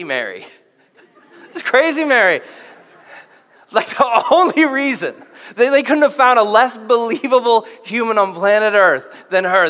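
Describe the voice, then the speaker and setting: Male pastor, playful and animated, bright forceful tone, long hall reverb. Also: high voice. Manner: animated, playful, acts out quick voices for biblical characters. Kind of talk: sermon.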